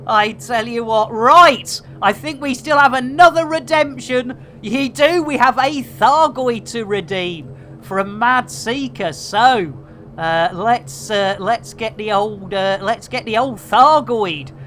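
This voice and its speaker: Woman, 50s, game streamer; slightly high voice, unhurried, chatty, loud exclamations, swears. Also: slight background noise. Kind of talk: live gameplay stream chatting with viewers.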